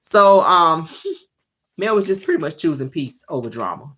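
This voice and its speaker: A woman's voice: sits low, expressive, measured pace, fairly bright tone. A woman recapping a reality show episode in a chatty, casual way, slipping into playful impressions. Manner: chatty, drops into playful impressions of cast members.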